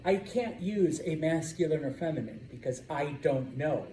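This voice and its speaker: A man teaching a Spanish class, lecturing in a lively way and often checking in with "okay?". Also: fairly high pitch, moderate pace, a little hiss or hum. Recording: echoey classroom from far off.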